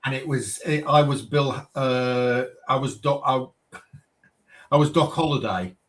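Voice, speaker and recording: Man, joking, teasing, relaxed chat. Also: medium pitch, a little slow. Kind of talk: casual chat.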